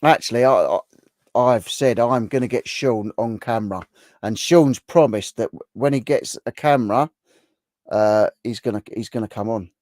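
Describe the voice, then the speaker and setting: A man's voice: mid-range voice, moderate pace, darkish tone, dry recording, studio quality. A middle-aged man, hosting a casual livestream, chatting and answering viewer comments in a rambling way. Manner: chatty and rambling, with many restarts. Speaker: livestream host. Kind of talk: casual live chat reading viewer comments.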